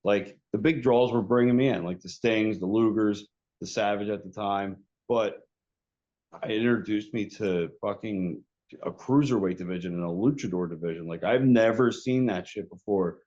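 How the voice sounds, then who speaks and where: Rambling profane podcast co-host, lo-fi. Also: male voice, lowish voice, normal speed, darkish tone. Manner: rambling, profane, heavy filler "like". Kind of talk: casual chat.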